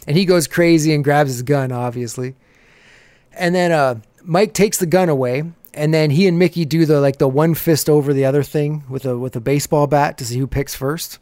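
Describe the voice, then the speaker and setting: A chatty man with a slightly raised pitch hosts a podcast, retelling scenes casually and breaking into laughs as he goes. His voice sits close and dry, with almost no room sound. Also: normal speed, a little mellow, no echo. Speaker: podcast host. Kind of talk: casual episode recap.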